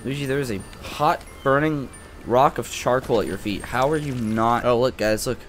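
A young man giving casual, excitable gameplay commentary with frequent swearing, shouting at characters in the game. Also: medium pitch, moderate pace, a little hiss or hum. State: sore tongue from a cold sore. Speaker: gaming video creator.

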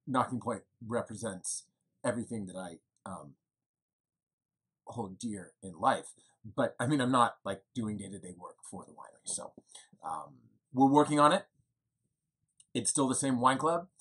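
A man's voice: medium pitch, a bit bright, husky. Chatty man rambling through updates. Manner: chatty, rambling, with fillers and self-deprecating jokes. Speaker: winery co-owner giving updates. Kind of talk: casual video update. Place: indoors at home in the evening.

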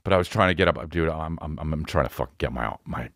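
A rambling, profane comedian in his forties hosts his own podcast. His voice sits low and deep, and he mocks himself freely. The studio mic sounds dry and close. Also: fast talker, a bit bright, no echo. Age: 40s. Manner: rambling, profane, self-mocking. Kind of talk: casual comedic monologue.

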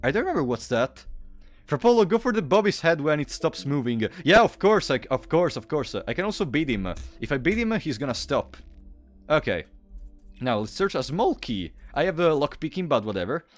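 A man giving casual live-stream commentary while playing, excitable and quick to thank donors out loud. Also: on the high side, soft background music. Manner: excitable, thanks donors loudly, restarts often.

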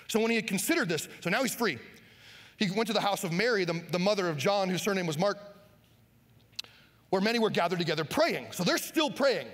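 Pastor guy preaching loud n animated, high voice, big echoey church. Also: fairly quick. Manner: animated, acts out Bible scenes, shouts for emphasis. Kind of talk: sermon. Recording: long hall reverb.

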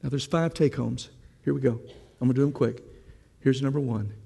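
A man's voice: medium pitch, fairly even intonation, a little fast, creaky, mellow, husky, long reverb tail. A man preaching a sermon, telling a story and asking the congregation questions in a conversational way.

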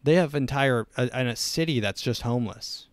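A man's voice: mid-range voice, normal speed, dry recording. Give me a sarcastic young male podcast host rambling in a dry, close-miked room. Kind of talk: casual comedic monologue.

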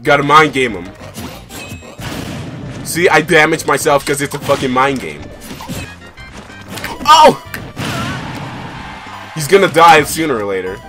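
A young man giving loud, excitable live commentary while playing a fighting game, swearing and laughing as he plays. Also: fairly high pitch, measured pace, pauses often. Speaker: gaming YouTuber. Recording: game music playing behind.

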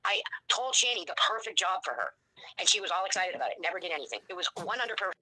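A woman in her sixties, speaking bluntly and profanely as an interview guest, telling her story in an animated way. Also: fairly low pitch, racing, dry recording, low-quality recording. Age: 60s. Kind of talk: candid interview.

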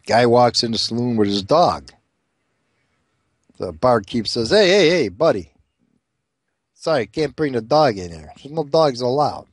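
Animated man telling crude jokes. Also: mid-range voice, unhurried, slightly rough, dry recording, studio quality. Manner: animated storyteller doing many character voices. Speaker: joke teller.

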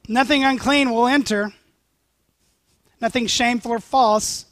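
Animated high-voiced man preaching. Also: measured pace, pauses often, dry recording, clean studio sound. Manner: animated, joking storyteller. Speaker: pastor. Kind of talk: sermon.

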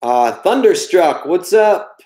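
A man's voice: high voice, very animated, slow, warm tone. Jokey man chatting on a livestream. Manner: jokey, self-deprecating, reads chat aloud. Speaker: livestream host. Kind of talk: casual livestream chat. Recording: echoey room.

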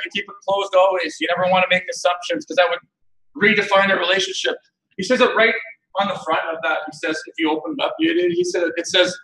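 A man giving a keynote talk, telling funny stories about himself with animated delivery and frequent laughter. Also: high-pitched. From Canada. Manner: animated, self-mocking, laughs often. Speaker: keynote speaker. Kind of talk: humorous storytelling keynote. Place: conference hall. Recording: echoey hall, mic at a distance.

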